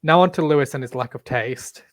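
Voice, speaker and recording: A man's voice: mid-range voice, a little fast, no echo. A man with a thick Yorkshire accent, co-hosting a podcast in casual, blunt and profane banter. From Yorkshire, England. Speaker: podcast co-host. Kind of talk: casual chat.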